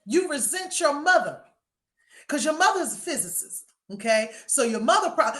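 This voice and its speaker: A woman co-hosting a sports podcast, talking in an animated, emphatic, mocking way. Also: high-pitched, normal speed. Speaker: podcast co-host. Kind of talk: casual sports chat.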